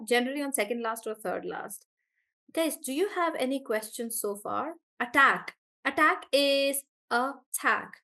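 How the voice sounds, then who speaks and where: Woman teacher in a live online lesson, slightly high voice, animated, stretches words out to demonstrate stress. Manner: animated, drawn-out demonstration of syllable stress, self-correcting.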